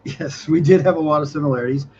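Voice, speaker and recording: A man's voice: fairly high pitch, fast talker, a little mellow, dull audio, a little hiss or hum. A man hosting a podcast, speaking casually and thanking his guests. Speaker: podcast host. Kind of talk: casual chat.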